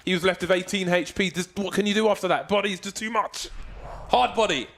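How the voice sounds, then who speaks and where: A man's voice: high-pitched, a little fast, fairly bright tone, slight background noise. A man giving live esports color commentary, playful and joking, stretching out words for emphasis.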